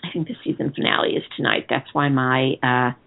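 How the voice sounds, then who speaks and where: A woman's voice: a bass voice, fairly even intonation, brisk, vocal fry. A woman co-hosting a TV discussion show, chatting casually and rambling as she reads listener comments aloud. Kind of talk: casual chat. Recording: tinny phone-line sound.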